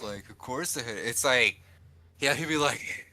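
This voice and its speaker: A man's voice: mid-range voice, unhurried, pushed and bright. A man co-hosting a casual podcast, rambling with restarts and acting out quoted people. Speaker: podcast co-host. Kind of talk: casual chat.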